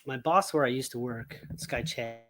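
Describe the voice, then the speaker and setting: A man co-hosting a casual remote geek talk show, ranting in an animated way with frequent laughter and swearing. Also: mid-range voice, moderate pace. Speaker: podcast co-host. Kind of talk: casual chat. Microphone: remote stream mic.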